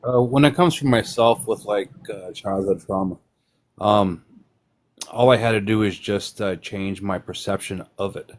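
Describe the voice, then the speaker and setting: A man's voice: fairly low pitch, measured pace. A man calling in to a live stream, speaking hesitantly with many fillers.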